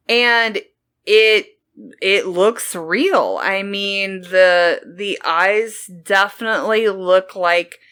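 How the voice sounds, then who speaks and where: A woman co-hosting a casual podcast, reading news stories with many halting restarts and giggles. She talks very slowly, with a bright, clear tone. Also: medium pitch. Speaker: podcast co-host.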